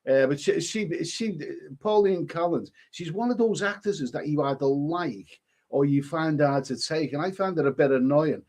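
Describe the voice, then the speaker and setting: A man's voice: fairly high pitch, moderate pace, a little mellow. A man chatting casually on a live stream, reading out comments and rambling with frequent stumbles and repeated words. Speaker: livestreamer reading chat comments.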